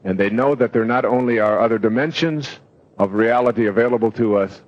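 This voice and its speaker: A man's voice: mid-range voice, fairly quick, lo-fi sound. A man giving a live motivational talk, telling stories in a rambling way with fillers. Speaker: self-help speaker.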